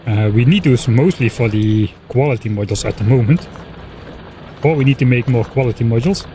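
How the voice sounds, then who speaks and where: A man streaming a game and thinking aloud in a casual, relaxed way, often pausing with filler words. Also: mid-range voice, a little hiss or hum. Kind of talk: casual gameplay commentary.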